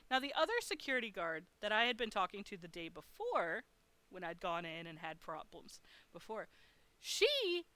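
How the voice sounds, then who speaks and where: Bright, crisp woman telling a story. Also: medium pitch, no echo. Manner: animated, swears, laughs while telling. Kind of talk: casual storytelling.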